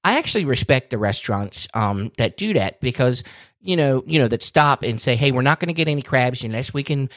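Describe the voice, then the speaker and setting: A man with a Baltimore accent co-hosts a casual chat. He is animated and joking, and he gets worked up easily. His voice sits at a middle pitch and is recorded close and dry. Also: brisk, no echo. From Maryland. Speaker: podcast co-host.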